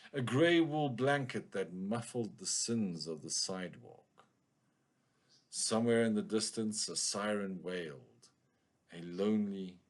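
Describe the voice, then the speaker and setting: A man's voice: fairly low pitch, pitched below the performer's own voice. A man reading a noir story aloud in the voice of a hard-boiled male detective, with clipped, brooding narration.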